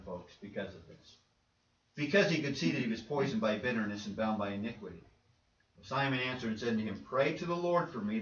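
Preacher in a roomy, distant church recording. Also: male voice, mid-range voice, muffled recording, slight background noise. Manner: earnest, plain-spoken, addresses the congregation as folks. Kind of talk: sermon. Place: church sanctuary.

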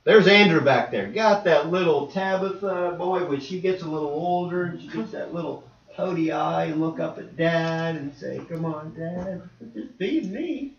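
A male preacher giving a lively sermon and acting out little scenes and voices. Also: a little high, normal speed, gravelly, a little hiss or hum. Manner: animated, acts out voices and dialogue. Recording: echoey hall, distant dull mic.

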